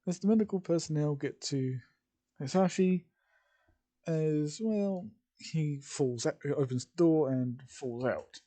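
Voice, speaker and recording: A man's voice: on the high side, slow pace, warm tone. A man casually narrating a fan-fiction story, with rambling informal asides.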